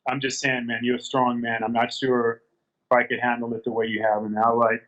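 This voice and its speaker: A man's voice: mid-range voice, level tone, fairly quick, a bit bright, highs cut off. A man telling a personal story in a candid interview, earnest and repeating his phrases as he quotes past conversations. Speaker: guest.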